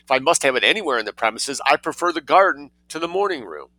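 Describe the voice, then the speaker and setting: A man's voice: fairly low pitch, big pitch swings, a little fast, dry recording, exaggerated voice, poor audio. A man voicing a prim, indignant lady who scolds sharply in a storybook reading. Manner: haughty, sharp-tongued, easily outraged.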